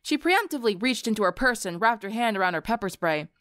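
A woman narrating a story for an audiobook in an expressive storytelling manner. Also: fairly high pitch, fast talker, no room sound, studio quality. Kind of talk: audiobook narration of fan fiction.

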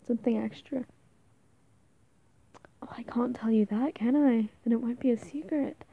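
A woman's voice: on the high side, normal speed, vocal fry, breathy edge, dry recording, narrow, tinny audio. A woman playing a giggly, affectionate young girlfriend. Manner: giggly, teasing, stumbling over words. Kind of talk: audio role-play.

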